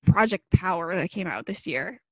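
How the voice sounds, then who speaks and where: A woman's voice: on the low side, expressive, normal speed, no room sound. Young woman, casual podcast chat, teasing, lots of fillers, dry sound. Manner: chatty, filler-heavy, teasing. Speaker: podcast co-host.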